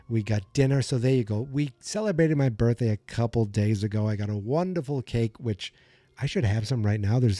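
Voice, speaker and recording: A man in his forties hosts a comedic solo podcast. He rambles in a self-deprecating, mock-dramatic way. His voice is low and mellow. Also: dry recording. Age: 40s. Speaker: podcast host.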